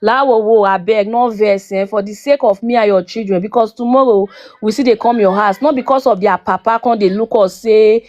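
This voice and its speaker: A woman's voice: medium pitch, a little fast, darkish tone, no room sound, dull audio. Pleading Nigerian woman on a live stream. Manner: pleading, repeats "abeg, no vex". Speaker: guest apologizing on a live stream. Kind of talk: casual Nigerian Pidgin pleading.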